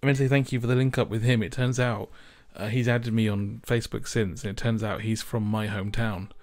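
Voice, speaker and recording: A man's voice: lowish voice, little pitch movement, fairly quick, darkish tone. A man hosting an interview over a video call, asking friendly, slightly hesitant questions in a casual chat.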